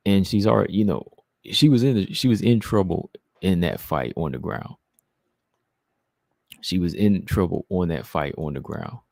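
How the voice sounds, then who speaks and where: A man's voice: deep voice, creaky, a little mellow, no room sound. A man hosting a casual live stream, reading viewer comments and answering them in a chatty way. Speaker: livestream host reading chat.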